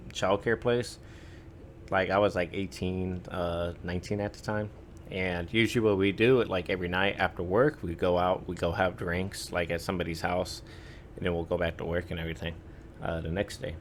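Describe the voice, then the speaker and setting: Deep-voiced rambling man telling stories. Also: a little hiss or hum. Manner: rambling, lots of "like" and "uh" fillers. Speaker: podcast storyteller. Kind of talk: casual chat.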